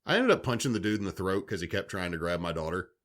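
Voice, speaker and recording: A man, telling animated stories on a podcast, swearing freely. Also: deep voice, fast. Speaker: podcast co-host. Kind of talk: casual storytelling chat.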